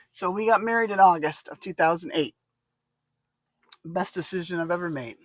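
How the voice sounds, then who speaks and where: A woman telling a personal story in a casual, lively way, acting out the dialogue and laughing often. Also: lowish voice, no echo.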